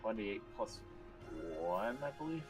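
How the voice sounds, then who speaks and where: A man running a tabletop roleplaying game as dungeon master, explaining rules and narrating with an animated delivery. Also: on the low side, moderate pace, over music.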